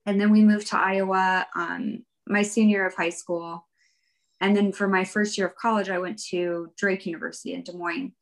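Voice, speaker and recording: A woman's voice: mid-range voice, steady tone, normal speed, rough recording. A woman guest in a casual interview, telling her story in a rambling, chatty way with light laughs. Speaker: guest, fiber arts professional.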